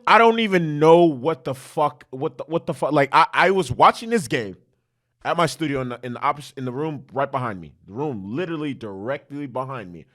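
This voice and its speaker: A man hosting a sports talk show from his studio, giving profane, animated commentary that builds into shouting rants. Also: on the high side. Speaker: sports podcast host.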